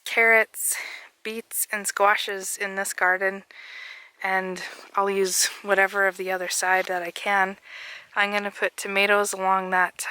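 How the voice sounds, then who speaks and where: A woman's voice: medium pitch, sharp tone, clear, resonant tone, no echo, low-quality recording. A woman chatting casually and rambling with light jokes while walking through her backyard garden in winter. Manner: rambling, jokey, laughs often. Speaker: vlogger.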